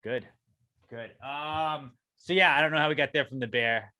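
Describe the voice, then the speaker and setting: A man co-hosting a podcast in casual chat, playful and swinging from loud outbursts to mumbled asides. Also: mid-range voice, moderate pace, no room sound, studio quality. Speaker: podcast co-host. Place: podcast studio.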